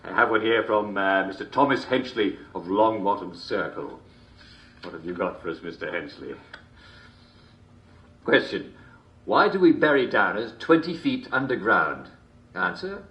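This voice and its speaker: A man's voice: on the low side, sing-song, unhurried, long pauses, a bit bright, exaggerated voice. An actor playing a jolly TV show host, chuckling constantly between lines in chummy showman patter. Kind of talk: video game character performance.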